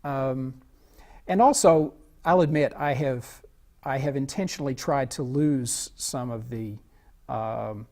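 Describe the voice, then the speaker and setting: A man's voice: mid-range voice, darkish tone. Man with a faint Southern drawl. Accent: faint Arkansas Southern US. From Arkansas, USA. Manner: measured and articulate, with frequent "uh" pauses. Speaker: interviewee. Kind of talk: casual interview talk.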